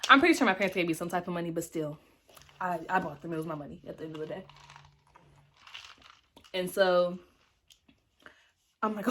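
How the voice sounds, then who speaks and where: A young woman telling a story to her camera in a loose, chatty, slangy way. Her voice swings from low, quiet asides to sudden high, dramatic exclamations. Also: fairly quick, pauses often. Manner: animated, chatty, dramatic pitch jumps when telling the story; slangy casual speech. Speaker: vlogger. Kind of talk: storytime vlog.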